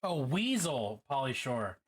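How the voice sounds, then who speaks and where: A man talks casually to his live-stream audience as he paints miniatures, and his pitch swings animatedly up and down. He swears freely and greets viewers by name. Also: sing-song, a little slow, breathy edge.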